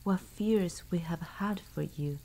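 Woman reader as an earnest father, slow whispered role-play, low mellow voice. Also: vocal fry, full character voice, poor audio. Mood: relieved. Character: anxious, loving peasant father.

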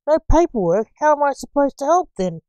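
Woman voicing a cranky older male doctor, impatient, snappy complaints, slow mellow delivery, dry sound, storybook reading. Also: on the high side, expressive, dry recording, voice pushed up. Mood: irritable.

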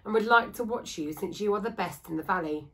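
Female reader voicing a polite earnest young widow, gentle and sincere. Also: mid-range voice, brisk, lightly acted.

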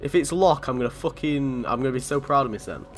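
A man's voice: medium pitch, quick pace, soft background music. A man from commentating on a video game in a chatty, sweary way, often laughing. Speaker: gaming channel host.

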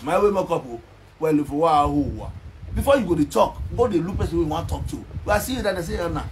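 A man's voice: on the high side, expressive, fast talker, a little hiss or hum. A man with a Nigerian accent, ranting and taunting someone on a live video, rambling with many restarts. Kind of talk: mocking rant on a live stream.

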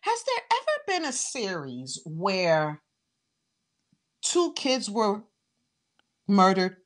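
A woman's voice: mid-range voice, huge pitch swings, slow. A woman hosting a casual chat, playful and teasing, laughing often. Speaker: host.

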